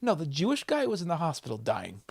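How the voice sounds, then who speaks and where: A man, a comedian guest on a podcast, telling a story with a profane, excitable manner and loud acted-out quotes. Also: a little high, quick pace, vocal fry, breathy edge. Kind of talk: animated storytelling. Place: podcast studio.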